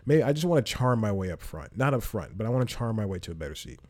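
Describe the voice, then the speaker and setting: A man's voice: lowish voice, sing-song, quick pace, darkish tone. A man hosting a casual solo podcast from a small apartment room, rambling and self-mocking, laughing often. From Georgia, USA. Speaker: podcast host. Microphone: headphones and studio microphone.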